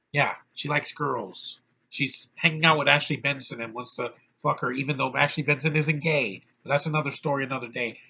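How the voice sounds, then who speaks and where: Guy ranting about a movie in a small hot room, bright voice, swears a lot, lots of uhs. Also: fairly high pitch, creaky, husky. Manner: blunt, ranting, profane, many fillers. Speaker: movie reviewer. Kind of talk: casual rant-style movie review.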